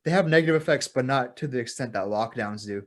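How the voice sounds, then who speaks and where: A man with a mid-range voice hosts a podcast in relaxed, casual conversation. He is quick to agree and affirm his guest, and states his own views bluntly. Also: medium pitch. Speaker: podcast host.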